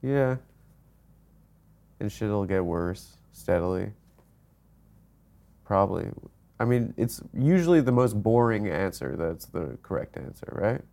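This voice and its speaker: A man's voice: on the low side, lively intonation, slow pace, creaky, long pauses, mellow. A man in his thirties co-hosting a comedy podcast, needling and ironic in casual chat. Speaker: podcast co-host.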